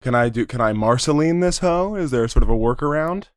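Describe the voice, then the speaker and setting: A man's voice: medium pitch, lively intonation, fairly quick, dry recording, clean studio sound. A man playing a tabletop game with friends, teasing and laughing often in rambling casual talk. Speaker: player.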